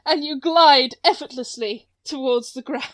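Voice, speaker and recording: A woman's voice: high voice, measured pace, a crowd in the background. A woman narrating a tabletop superhero game as game master, playful and teasing, often breaking into laughter.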